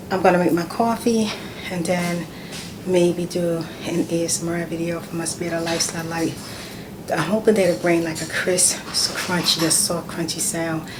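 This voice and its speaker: Relaxed, low-voiced woman chatting to camera. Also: moderate pace, background noise. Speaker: vlogger. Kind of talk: casual vlog chat.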